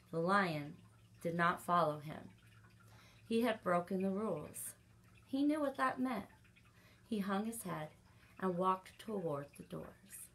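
Slow, expressive woman reading a children's story. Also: fairly low pitch. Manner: expressive, slow read-aloud with asides to children. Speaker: children's librarian.

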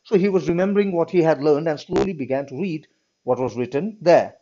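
A man's voice: on the high side, a little fast, dark tone. A man teaching a class, reading a story aloud and explaining it, often checking in with "all right". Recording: dull lo-fi recording.

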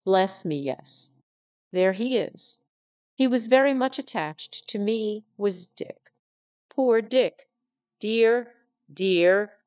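A man's voice: high-pitched, drawn-out words, a little mellow, no room sound, clean studio sound. A woman voicing a wistful, uneasy old man recalling a friend. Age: older. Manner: fond, reminiscing.

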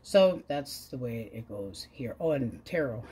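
A middle-aged woman with a very deep, warm, husky voice and lively intonation speaks slowly as she reads tarot cards. She rambles casually in a chatty, wry manner, swearing freely.

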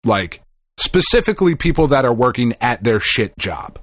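A middle-aged podcast co-host tells a story in a casual, animated way, swearing often and acting out the people he quotes. He has a mid-range voice and speaks at a normal speed.

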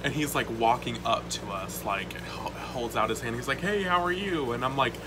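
A man telling a story to camera in casual vlog style, excited and swearing often, with lots of "like". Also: mid-range voice, moderate pace, noisy background. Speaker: vlogger.

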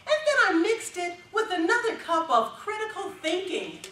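Middle-aged woman, speech contest speaker with an animated voice, heard from a distance in a hall. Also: extremely high pitch. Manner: expressive storytelling with dramatic pauses. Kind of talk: prepared public speech. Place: stage in a large hall.

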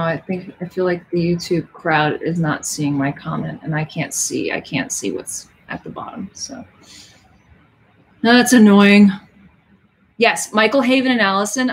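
A woman's voice: on the low side, unhurried. A woman hosting a casual home livestream, rambling and chatty, who speaks Russian as her first language. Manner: chatty and rambling, with many restarts. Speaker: livestream host signing autographs. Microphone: headphones.

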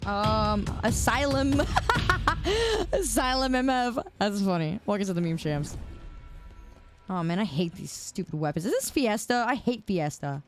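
A woman's voice: mid-range voice, big pitch swings, a little slow, music in the background. A woman streaming a video game, chatting casually in a teasing, giggly, sarcastic way.

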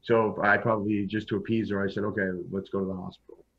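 A man with a lowish voice tells his own story in a casual interview, speaking bluntly and frankly and often circling back to restart a thought. The recording sounds dull and lo-fi, as if the top end has been shaved off. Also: level tone, quick pace, a bit bright, husky. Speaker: podcast guest.

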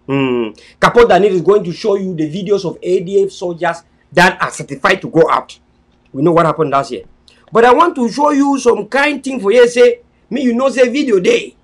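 Cameroonian pidgin-accented man, high gravelly voice, repeats himself like a preacher, loud then low. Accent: Cameroonian Pidgin English. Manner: repetitive and preachy, swinging between loud pleas and low murmurs. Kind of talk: impassioned live-stream address.

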